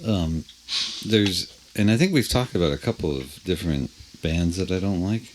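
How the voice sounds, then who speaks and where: Deep-voiced swearing podcast host. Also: male voice, animated, moderate pace, noisy background. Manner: swearing, rambling ranter. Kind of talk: casual chat.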